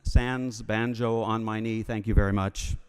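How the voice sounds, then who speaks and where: A man's voice: lowish voice, steady tone, unhurried, darkish tone, clean tone. A man from Alabama with a Southern accent, giving a humorous sermon as a preacher in a church. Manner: wry, humorous storytelling. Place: church sanctuary. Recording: long reverb of a church hall.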